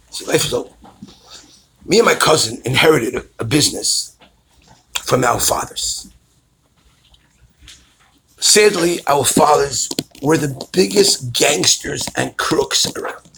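A man, a rabbi, giving an animated storytelling sermon and acting out the people in his stories. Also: medium pitch, creaky, slight background noise. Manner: animated storytelling, acts out callers' voices.

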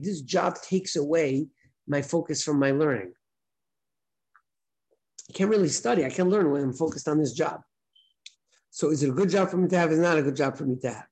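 A man's voice: on the high side, darkish tone, low-quality recording. A man, a rabbi, giving a casual spoken lesson to his class, talking conversationally, repeating his points and asking rhetorical questions. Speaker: rabbi teaching a daily class.

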